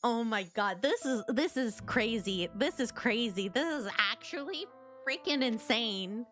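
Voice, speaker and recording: High-voiced emotional woman streamer. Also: animated, a little slow, a bit bright, faint music behind. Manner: emotional, exclaiming and ranting. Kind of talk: reading game text aloud and reacting.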